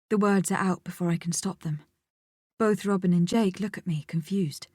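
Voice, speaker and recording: A woman's voice: on the low side, normal speed, a little mellow, husky, no room sound. Intimate, dry-voiced woman audiobook narrator. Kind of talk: first-person audiobook narration.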